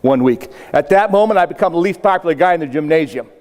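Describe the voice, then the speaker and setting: An older man from South Dakota delivers a humorous keynote to a crowd, telling stories in a fairly high voice and throwing in acted-out quotes and punchy asides. The sound carries a long reverb from a big hall. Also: animated, fast talker, darkish tone. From South Dakota, United States. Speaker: motivational speaker. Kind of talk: humorous keynote speech to a live audience.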